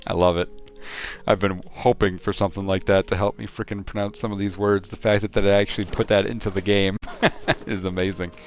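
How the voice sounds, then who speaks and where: A man's voice: on the low side, flat delivery, normal speed, soft background music. A man streaming a game, reading its text aloud and stopping to sound out the odd words, with casual swearing.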